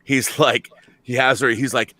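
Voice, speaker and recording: A man, a filmmaker guest on a livestream panel, talking in an effusive, thankful way with halting restarts. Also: medium pitch, fairly even intonation, sharp tone, no echo. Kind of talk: casual panel chat on a livestream.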